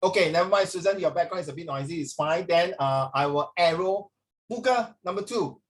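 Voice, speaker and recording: A man's voice: high-pitched, fairly quick. Playful male teacher. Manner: playful, teasing, jumps between English and Mandarin. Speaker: English teacher. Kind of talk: online class teaching.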